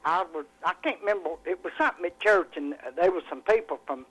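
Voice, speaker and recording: A woman's voice: on the low side, quick pace, fairly bright tone, slightly rough, poor audio. A woman with a Southern US accent calling in to a radio show, chatty and telling stories. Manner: chatty, storytelling. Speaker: caller. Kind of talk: casual chat on a radio call-in.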